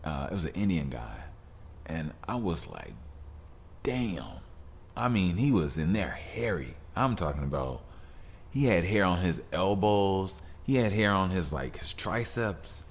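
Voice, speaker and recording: A man's voice: low-pitched, big pitch swings, measured pace. A man hosting a solo podcast, talking in a rambling, laid-back way with lots of fillers and restarts. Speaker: podcast host. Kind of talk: casual solo podcast monologue.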